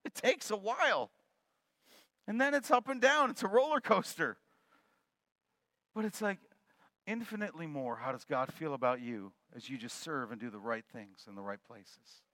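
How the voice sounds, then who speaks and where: A male pastor delivers a sermon in a relaxed, conversational way, dropping jokes and moving between loud bursts and near-murmurs. His voice is slightly high and quite bright, recorded close and dry. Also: moderate pace, pauses often, no room sound. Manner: conversational and joking, swinging between loud and soft.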